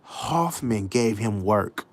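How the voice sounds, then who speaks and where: A man hosting a casual sports talk show, animated and mocking, laughing often and mimicking people. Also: fairly low pitch, takes it slowly. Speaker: podcast host.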